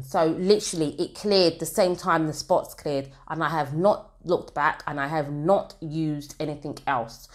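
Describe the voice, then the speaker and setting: A woman from the UK talks casually to camera as a beauty vlogger, her voice sitting low. She rambles in a chatty way, with plenty of fillers and side comments. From United Kingdom.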